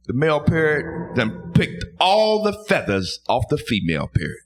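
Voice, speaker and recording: A man doing a loud, animated stand-up set with crude punchlines, then chatting casually on a live comedy podcast stage. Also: fairly high pitch, normal speed, hardly any pauses.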